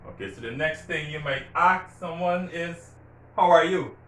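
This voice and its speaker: A man teaching Spanish greetings, patiently explaining grammar and repeating example words slowly with stressed syllables. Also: on the high side, pushed and bright. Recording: roomy echo from a distant mic, faint background hiss.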